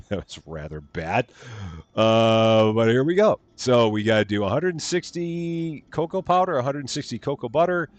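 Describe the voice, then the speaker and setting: A man's voice: mid-range voice, dry recording, muffled recording. A man giving chatty, playful live commentary while streaming a game, reading its on-screen text aloud and joking along the way. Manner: chatty, playful, jokey asides.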